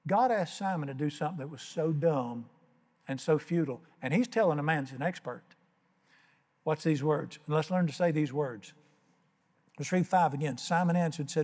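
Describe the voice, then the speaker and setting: A man's voice: a little high, normal speed, darkish tone, long reverb tail. An older man preaching a sermon as pastor, telling folksy stories and acting out the voices. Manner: folksy storytelling, acts out voices.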